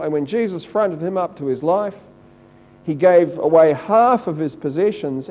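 A man's voice: high-pitched, mellow, rough recording. A man preaching a conversational, earnest sermon and quoting scripture. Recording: faint mains hum.

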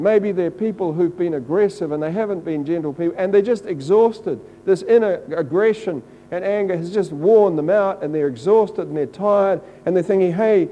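A man's voice: sits high, warm tone, poor audio. A man preaching a conversational, earnest sermon and quoting scripture. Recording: faint mains hum.

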